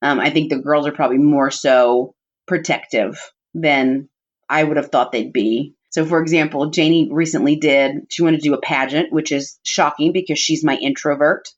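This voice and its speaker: Heartfelt low-voiced woman telling family stories. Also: fairly even intonation, normal speed. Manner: heartfelt, chatty, many "like" and "you know" fillers. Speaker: podcast guest. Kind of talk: personal storytelling in conversation. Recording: dull muffled audio.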